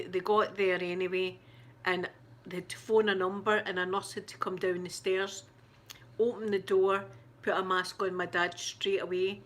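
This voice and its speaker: A Scottish woman hosting her channel, chatting casually to viewers, shaken and close to tears, stumbling and restarting as she talks. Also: fairly low pitch. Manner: halting, shaken, many restarts and fillers. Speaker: ASMR channel host. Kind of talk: casual live chat.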